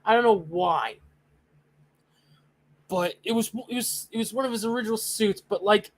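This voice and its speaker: A young adult streamer ranting excitedly and profanely in a casual live-stream reaction, with loud outbursts. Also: mid-range voice, normal speed.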